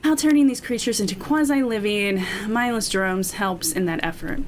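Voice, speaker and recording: A woman voicing a hesitant male researcher who questions with halting fillers. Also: mid-range voice, slight background noise, close to an everyday voice. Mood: uncertain.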